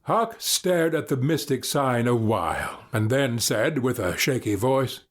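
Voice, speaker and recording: A man narrating a story in a steady, storybook manner. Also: medium pitch, unhurried. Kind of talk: scripted narration.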